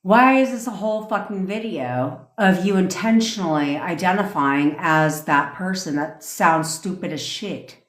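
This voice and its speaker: A woman's voice: fairly low pitch, unhurried, few pauses, reverberant. A woman manifestation coach ranting sarcastically and profanely on a phone live stream. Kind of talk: TikTok live rant.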